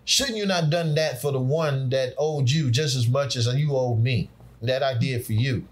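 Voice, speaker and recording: A man's voice: mid-range voice, moderate pace. A man, teaching on scripture in an emphatic, preacherly conversational way. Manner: preacherly, emphatic, dialect speech, laughs along.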